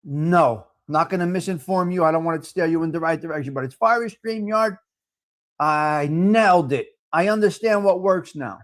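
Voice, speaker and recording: Loud chatty guy hosting a live stream, kinda high voice, calls out viewers by name. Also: normal speed. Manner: brash, talkative, mixes in Italian phrases. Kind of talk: casual live stream chat, reading viewer comments.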